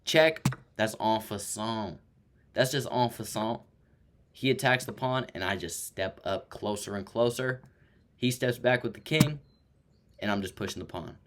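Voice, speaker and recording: A young man excitedly giving play-by-play commentary on his own chess game, talking to himself as he goes. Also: medium pitch, normal speed, noisy background. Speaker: chess streamer.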